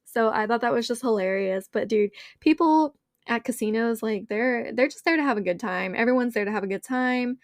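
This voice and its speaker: A woman's voice: a little high, fairly quick, dry recording, clean studio sound. A young woman hosting a podcast, telling a story in a bubbly, chatty way, full of "like" and talking straight to her listeners. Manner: bubbly, chatty, leans on filler "like", addresses listeners as y'all. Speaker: podcast host. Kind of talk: casual storytelling chat.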